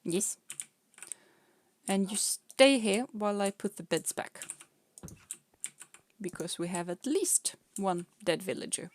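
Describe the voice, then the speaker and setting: A woman's voice: medium pitch, lively intonation, takes it slowly, pauses often. A young woman streaming a game, chatting casually and playfully, often laughing and scolding her pet cats. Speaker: vtuber streamer.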